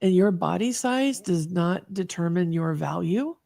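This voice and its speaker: A woman with a low, gravelly voice speaks as a guest on a video call. Her delivery is encouraging and emphatic. The sound is dry and close, with no room echo. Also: expressive, measured pace, mellow. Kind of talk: casual heartfelt talk-show chat.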